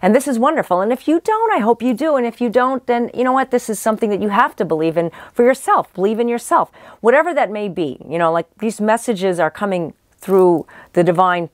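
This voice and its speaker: A woman's voice: mid-range voice, dry recording. A woman doing a casual spoken tarot reading, rambling with many restarts, and she says she is losing her voice. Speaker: psychic tarot reader.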